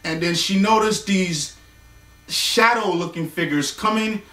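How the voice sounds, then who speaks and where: A man's voice: sits high, measured pace, sharp tone, far from the mic. A man telling a casual bedtime story, rambling loosely with fillers and acting out the characters' lines. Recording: roomy echo, voice from away from the mic.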